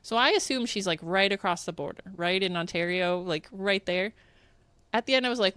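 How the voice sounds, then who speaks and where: A woman's voice: mid-range voice, lively intonation, normal speed, fairly bright tone, dry recording. A woman with a Canadian accent hosting a podcast, chatting casually and laughing often as she teases herself. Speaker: podcast host. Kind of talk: casual chat.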